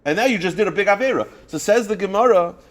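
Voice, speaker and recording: An animated man teaches a Talmud lesson, his voice swinging widely up and down as he acts out each case. It sits a little high for a man. He keeps posing questions and answering them himself, dropping in a sound. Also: fast talker. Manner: animated, acts out cases in first person, asks and answers his own questions. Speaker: rabbi teaching a Talmud class. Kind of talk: Talmud lecture.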